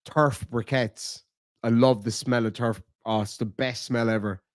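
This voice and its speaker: A man's voice: medium pitch, fairly even intonation, moderate pace, darkish tone, no echo, studio quality. An Irish man hosting a casual live stream from home, rambling and swearing as he chats and laughs with his audience. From Ireland. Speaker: livestream host.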